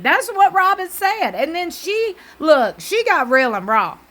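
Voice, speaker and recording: A woman's voice: extremely high pitch, big pitch swings, unhurried, few pauses, a bit bright. Sassy Southern woman recapping TV. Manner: sassy, talks back to the screen, preacher-like asides. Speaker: TV recap host. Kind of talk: casual reality-TV recap commentary.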